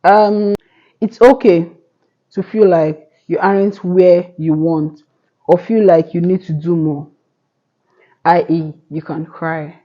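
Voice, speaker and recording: A woman's voice: lowish voice, fairly even intonation, takes it slowly, highs cut off. A young woman in her twenties giving earnest motivational advice to camera, rambling with restarts. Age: 20s. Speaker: vlogger. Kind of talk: casual motivational talk to camera.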